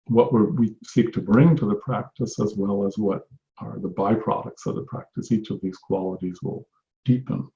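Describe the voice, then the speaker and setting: A man with a mellow, gravelly voice gives a meditation teaching, speaking slowly and reflectively and often restarting his phrases. The recording is roomy and echoey, with a dull, lo-fi sound. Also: on the low side. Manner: unhurried and reflective, with frequent restarts. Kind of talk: spoken teaching talk on meditation.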